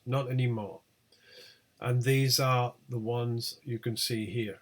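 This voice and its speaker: A man teaching a recorded pronunciation lesson, reading out example words one by one with clear, deliberate delivery. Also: medium pitch. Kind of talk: recorded lecture over slides.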